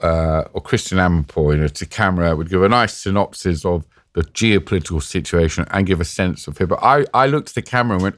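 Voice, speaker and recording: Deep british guy, dry close mic, tells stories and mocks himself doing the voices. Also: quick pace, hardly any pauses, a bit bright, no room sound. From Britain. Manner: self-mocking, acts out quoted voices. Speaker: war journalist guest. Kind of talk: animated storytelling in an interview. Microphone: podcast mic.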